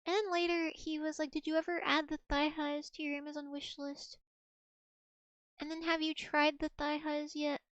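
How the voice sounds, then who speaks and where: A young woman streaming, chatting in a giggly, mock-dramatic way. Her voice sits very high, and the sound is dry and close with no room around it. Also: flat delivery, normal speed, a bit bright, no room sound, dull audio. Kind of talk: casual chat reading old messages to chat.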